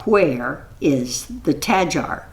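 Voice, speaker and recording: A woman voicing a commanding male forest ranger who asks his questions slowly and firmly. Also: deep voice, expressive, vocal fry, slight background noise, full character voice. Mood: stern. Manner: slow, firm, repeated questioning.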